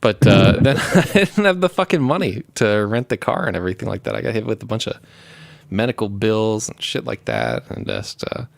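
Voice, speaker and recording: Low gravelly man, swearing casual rambler. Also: big pitch swings, moderate pace, dry recording. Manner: rambling, swears constantly, laughs while telling stories. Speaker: show host. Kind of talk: casual profane chat.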